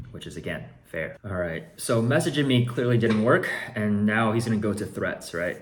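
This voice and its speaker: Exasperated man with a low voice. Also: moderate pace, few pauses, a little hiss or hum. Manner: exasperated, sarcastic asides. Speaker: online trading card shop owner. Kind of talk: casual storytelling vlog.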